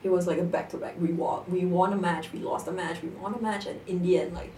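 A young woman in casual conversation, telling an animated story about competitive gaming and laughing often. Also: lowish voice, fast. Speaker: guest. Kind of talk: casual chat. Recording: echoey room, distant mic, faint noise.

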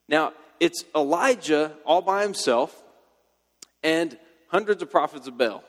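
A man preaching a sermon, retelling a story in a casual, animated way. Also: medium pitch, in a large hall.

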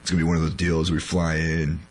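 A man's voice: rumbling low, completely flat delivery, fast, a little hiss or hum. A man hosting a podcast, still sick and sounding weak, talking casually with lots of fillers. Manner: rambling, filler-heavy. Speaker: podcast host.

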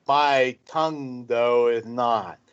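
A man's voice: mid-range voice, slow, clear, resonant tone, highs cut off. A man co-hosting a podcast, rambling and tipsy, stumbling over repeated words in casual chat. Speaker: podcast co-host, guest.

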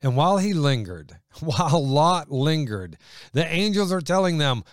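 A man preaching a sermon with fervent emphasis, his delivery rising loud and dropping quiet. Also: a little high, sing-song, normal speed, no room sound, clean studio sound.

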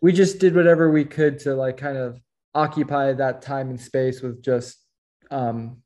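A man, a podcast guest, recounting his experiences in an easygoing, unhurried way. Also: medium pitch, steady tone, a little mellow. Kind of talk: casual interview chat.

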